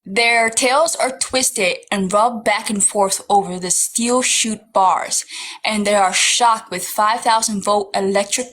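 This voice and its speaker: A woman guest on a live stream who talks quickly and reads a text out loud. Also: mid-range voice, poor audio. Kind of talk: casual chat and reading aloud.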